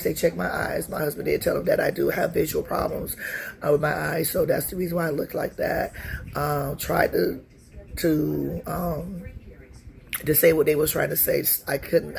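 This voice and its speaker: A woman in her forties giving a personal testimony, telling her story in a halting way with many pauses and restarts. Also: low-pitched, creaky, a little mellow.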